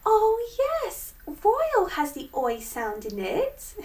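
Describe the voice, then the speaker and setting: High, sing-song children's teacher woman. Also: wildly swooping pitch, slow, darkish tone, far from the mic. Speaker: phonics teacher and host. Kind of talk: children's phonics lesson.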